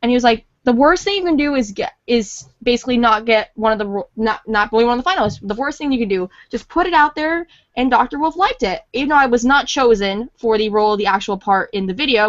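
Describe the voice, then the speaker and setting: Woman voice actor, fairly high voice, dull dry lo-fi call audio, rambling and excitable. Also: fast, few pauses, no room sound. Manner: excitable, rambling, repeats words for emphasis. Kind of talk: casual podcast chat.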